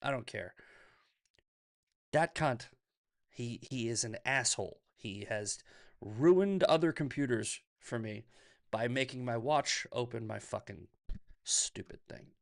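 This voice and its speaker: A man's voice: medium pitch, expressive, takes it slowly, gravelly, pauses often. A man hosting a livestream, ranting casually and profanely, laughing often and reading viewer comments aloud. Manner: reads chat comments aloud. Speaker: livestream host.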